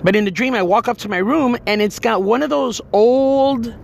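A man retelling a dream in an emotional, animated way, full of fillers and quoted speech. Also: very high-pitched, moderate pace, gravelly, a little hiss or hum. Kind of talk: personal storytelling.

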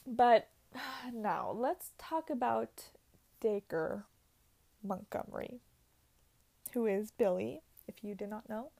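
A woman's voice: a little high, slow, creaky, pauses often, warm tone. Chatty young woman gushing. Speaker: vlogger. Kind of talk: casual chat.

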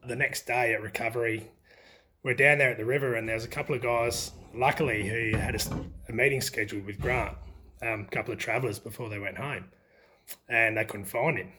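A middle-aged Australian man spins old football yarns in a loose, chatty interview. He keeps breaking into laughter as the stories unfold, his voice sitting at an everyday middle pitch. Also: fairly even intonation, brisk, sharp tone. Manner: laughs often while telling stories. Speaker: former country footballer. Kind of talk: casual storytelling interview.

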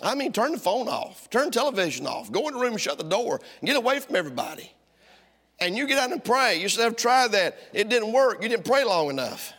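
Man, middle-aged pastor, high ringing voice, sermon, loud-to-hushed swings, long church echo. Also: big pitch swings, a little fast. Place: church sanctuary.

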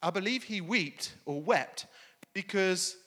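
A man's voice: high voice, lively intonation, slow pace, fairly bright tone. A pastor preaching a conversational sermon, often checking in with "okay?" as he talks. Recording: long hall reverb.

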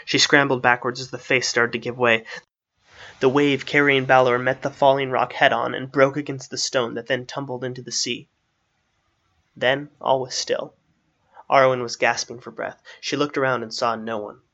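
A man narrating a fantasy story aloud in a steady storytelling manner. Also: mid-range voice, normal speed, dull audio.

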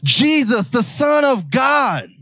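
Young male preacher, very high voice, dry close sound, fervent, shouts then slangy asides. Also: very animated, slow pace, dry recording. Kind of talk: energetic sermon.

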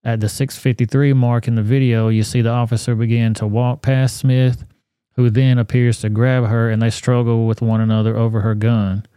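A man hosting a podcast, commenting on a news video in a blunt, profane, animated rant. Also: mid-range voice, moderate pace, smooth, no room sound, studio quality. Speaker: podcast host.

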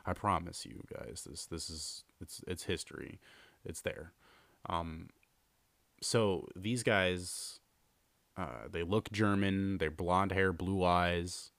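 A man's voice: low-pitched, steady tone, takes it slowly, creaky, a bit bright, dry recording. A man hosting a podcast, casually telling a long story with lots of fillers and restarts. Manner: rambling, filler-heavy, repeats himself. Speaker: podcast host.

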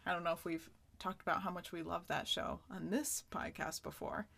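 A woman's voice: lowish voice, fairly even intonation, moderate pace, gravelly, a bit bright. A woman in her thirties co-hosting a podcast, chatting casually and laughing often. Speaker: podcast co-host. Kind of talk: casual chat.

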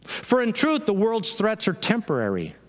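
A man preaching a sermon as pastor, animated, with laughs and quick quoted asides. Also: high-pitched, big-room sound.

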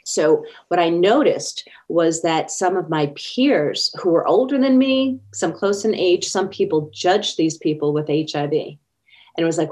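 In conversation as an interview guest, a woman earnestly tells stories from her own life, voicing the quotes dramatically. Her pitch is low and her tone darkish, at normal speed.

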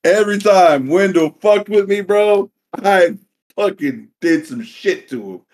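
A man's voice: sits high, unhurried. A man on a podcast telling a story in casual talk, swearing often and acting out the scenes. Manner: profane, animated, acts out scenes. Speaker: podcast co-host.

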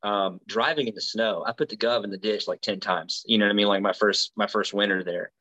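A man's voice: on the low side, brisk, bright, forceful tone, lo-fi sound. A man from Alabama in his thirties, a Marine recruiter telling his story in a casual interview, rambling with lots of fillers and restarts. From Alabama, USA.

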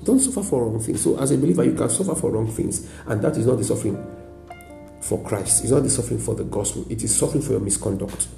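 A man's voice: fairly low pitch, quick pace, gravelly, mellow, reverberant, soft background music. A Nigerian man preaching a sermon as a pastor, emphatic, repeating lines and adding frequent "praise God". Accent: Nigerian English.

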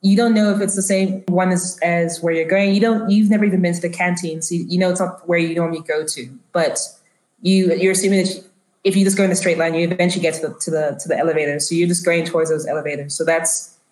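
A woman's voice: fairly low pitch, fairly even intonation, fast talker, a little mellow, reverberant, poor audio. A woman narrating as game master of a tabletop game, chatty and full of fillers.

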